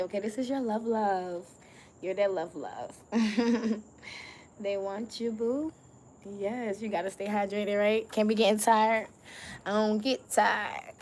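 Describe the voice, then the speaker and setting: A woman reads tarot in loose, slangy chat, swearing freely and breaking into laughter often. She stretches key words out slowly for emphasis, in a mid-pitched voice. A faint hiss sits under the recording. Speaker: tarot reader. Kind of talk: casual spiritual tarot reading.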